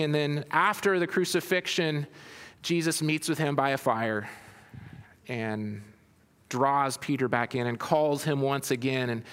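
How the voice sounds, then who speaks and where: A man's voice: medium pitch, a bit bright, in a large hall. A man preaching a sermon, reading scripture aloud and then expounding on it with frequent restarts. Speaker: pastor.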